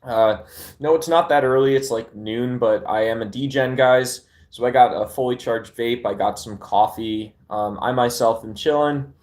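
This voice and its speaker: With a mid-range, darkish voice at a normal speed, this livestream host from Arizona, United States, talks into his phone at home. The chat is casual and meandering, laid-back, with lots of fillers and restarts.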